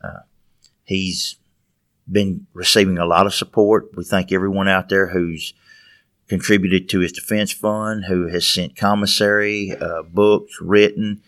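A man with a very deep voice that barely rises or falls. He speaks in a measured, hesitant way. The sound is dry and close. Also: flat delivery, fairly bright tone, no room sound. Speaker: guest, father of the subject. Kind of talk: interview answers.

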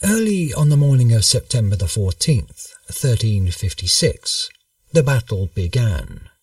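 Guy narrating an old history story, slow and measured, dry sound, kinda far off the mic. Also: mid-range voice, very animated, no room sound.

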